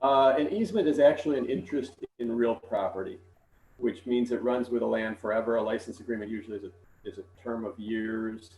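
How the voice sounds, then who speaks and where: A man giving a frank, measured report to a village board over an online meeting. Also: medium pitch, a little mellow, echoey room, poor audio.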